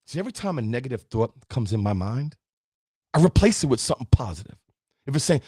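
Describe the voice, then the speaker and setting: Middle-aged male podcast host, emphatic motivational talker, slightly raspy, dry booth. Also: mid-range voice, sing-song, fast talker, a little mellow, dry recording. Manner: preachy, emphatic, addresses listeners directly. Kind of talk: motivational talk.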